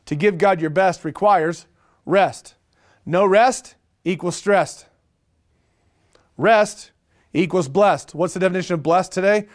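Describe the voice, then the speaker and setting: A middle-aged male pastor preaching a sermon, animated and repetitive, asking the room questions. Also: sits high, slow, long pauses. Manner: animated preaching with repeated phrases and rhetorical questions.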